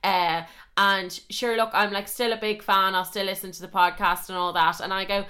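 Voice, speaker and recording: A young woman hosts her podcast in a loose, chatty monologue, swearing freely and mocking herself. Her voice is bright and forceful, sitting at an ordinary middle pitch for a woman. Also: moderate pace. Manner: chatty, swears a lot, self-mocking, animated. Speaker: podcast host. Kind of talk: casual storytelling monologue.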